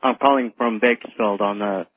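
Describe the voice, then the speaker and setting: Quiet, hesitant man on a phone line. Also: on the low side, fairly even intonation, moderate pace. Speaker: caller. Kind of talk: phone call to a radio show.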